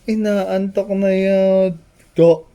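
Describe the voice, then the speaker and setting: A young woman, talking baby talk to her infant in a high sing-song coo and laughing often. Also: fairly even intonation, takes it slowly, dark tone. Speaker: parent of the baby.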